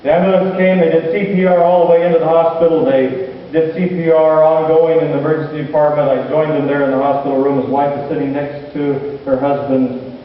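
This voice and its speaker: A man's voice: a little high, level tone. Pastor guy giving a sermon, far from the mic, big echoey hall, kinda muffled. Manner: slow, earnest storytelling with dramatic pauses. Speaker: pastor and hospital chaplain. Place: church sanctuary.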